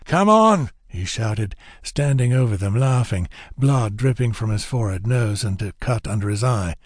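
A man reading an audiobook thriller in measured, even scripted narration on a close studio mic. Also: on the low side, no echo.

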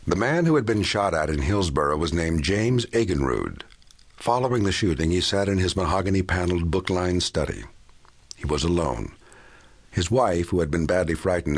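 Very deep, husky male narrator. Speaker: audiobook narrator. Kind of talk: scripted narration.

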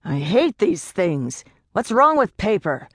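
A woman voicing an irate, gruff middle-aged male boss who grumbles and shouts complaints. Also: mid-range voice, sing-song, slow pace, no echo, clean studio sound, full character voice.

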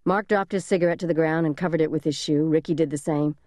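Woman narrating with a low, mellow voice. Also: fairly even intonation, no room sound, clean studio sound. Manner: measured, suspenseful reading. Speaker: audiobook narrator. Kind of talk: scripted thriller narration. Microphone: close studio mic.

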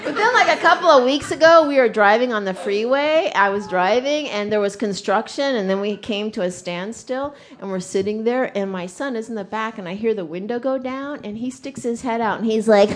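A woman performing a stand-up comedy set, talking animatedly and acting out quotes loudly. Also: on the high side, brisk, hardly any pauses, noisy background. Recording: live club set with audience laughter. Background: audience laughing.

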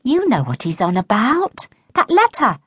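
A woman voicing a cheeky, tough schoolgirl who teases and yells at her friends. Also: mid-range voice, huge pitch swings, normal speed, husky, no room sound, studio quality, pitched above the performer's own voice. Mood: impatient. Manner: shouty, mocking, sweetly sarcastic.

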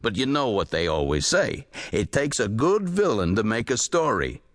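A man voicing a weary, skeptical male publisher with a dry, deadpan, lower drawl. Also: normal speed. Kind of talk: audiobook character voice.

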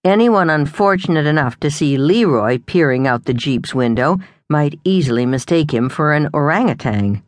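A woman reading the lines of a patient, weary male police officer, speaking tersely and flatly. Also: low voice, normal speed, few pauses, dry recording.

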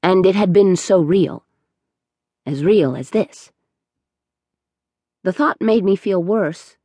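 A woman reading a first-person audiobook aloud in a slow, measured storytelling manner. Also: lowish voice, expressive, mellow, no echo. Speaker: audiobook narrator.

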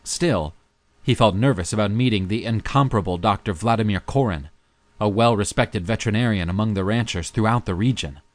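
A man reading an audiobook in measured, even scripted narration. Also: lowish voice, no room sound.

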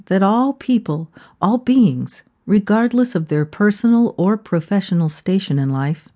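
Mellow woman narrating an audiobook. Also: on the low side.

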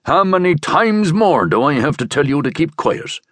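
Give me a man playing a curt, commanding young man who barks short, gruff orders in a low voice. He speaks to others like subordinates. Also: very animated, normal speed, a bit bright, no room sound, exaggerated voice.

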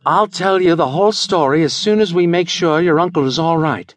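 A man voicing a dashing, confident young scientist in an audiobook, brisk, reassuring and commanding. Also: on the high side, no echo, voice pushed up, close to an everyday voice. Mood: assured.

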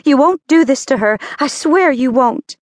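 A woman's voice: medium pitch, moderate pace, dry recording, clean studio sound, close to an everyday voice. A woman narrator voicing a fierce middle-aged mother in an audiobook, speaking in a raised, impassioned voice. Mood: furious.

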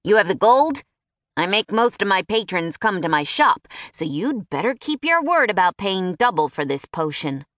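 Cranky fantasy wizard, woman narrator voicing him, higher and grumbly, dry audiobook sound. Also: sing-song, normal speed, fairly bright tone, no room sound. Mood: grumbling. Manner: grumbling, irritable. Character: grumpy male wizard potion maker.

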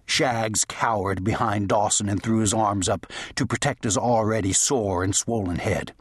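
Man, audiobook narrator, husky voice, dry studio sound, measured. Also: on the low side, no echo. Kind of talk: scripted narration.

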